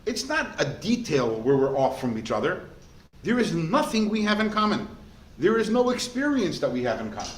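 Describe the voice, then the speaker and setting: A male rabbi gives an animated class, pitched fairly high and full of quick questions to his students. The room is echoey, with a faint hum behind him. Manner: animated, quizzing, storytelling. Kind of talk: lively lecture with questions to students.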